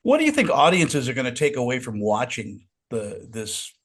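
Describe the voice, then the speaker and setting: Man, interview host, mid pitch, very animated intonation, enthusiastic, complimentary. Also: normal speed. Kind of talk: interview questions.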